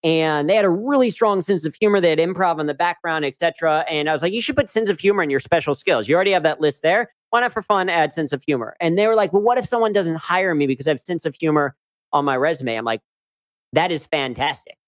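An upbeat, chatty man speaking as a guest in a casual interview, voice sitting a little high. The sound is dry and close, with no room around it. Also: fast, dry recording. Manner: upbeat, chatty, frequent "right?" asides. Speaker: guest, humor coach and speaker.

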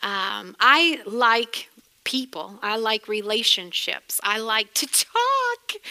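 A middle-aged woman with a New England accent teaching a sermon in a chatty way, laughing often and breaking into lively exclamations. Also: high-pitched. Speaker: Bible teacher.

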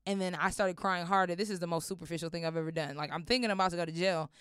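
Young woman, rapid-fire storytelling, smooth clear voice, dry close sound. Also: on the low side, no echo. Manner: animated, acts out voices, swears often. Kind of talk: casual storytelling.

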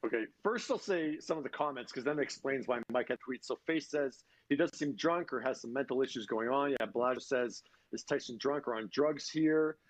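A man's voice: medium pitch, a little fast, hardly any pauses, poor audio. A man hosting a casual chat, reading viewer comments and a tweet aloud in a conversational way. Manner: conversational, reads quotes aloud. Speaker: podcast host.

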